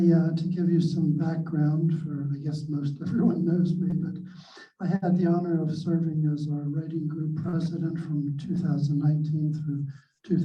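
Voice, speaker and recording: A man introducing himself and then reading his own blank verse poem slowly and carefully, recorded in a library. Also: fairly high pitch. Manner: slow, measured reading with small self-deprecating laughs. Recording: echoey and distant, dull sound.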